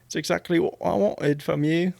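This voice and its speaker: A man's voice: a little high, fairly even intonation, normal speed, gravelly, a little mellow, no room sound, pitched above the performer's own voice. A man voicing a young woman in a shaky, half-English, half-Southern drawl. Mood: mock-sweet. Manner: sweet-talking, half-English half-Southern accent.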